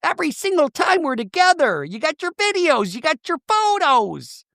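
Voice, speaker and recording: A man impersonating an indignant, shrill middle-aged reality-show woman in a high, strained voice. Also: sing-song, moderate pace, vocal fry, a bit bright, no echo, clean studio sound, exaggerated voice.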